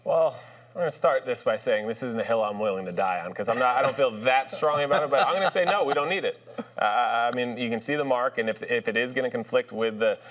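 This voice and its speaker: A man on a sports panel arguing his view in a relaxed, rambling way. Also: medium pitch, fast talker, distant mic. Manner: relaxed, rambling, with fillers and restarts. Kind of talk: casual debate chat.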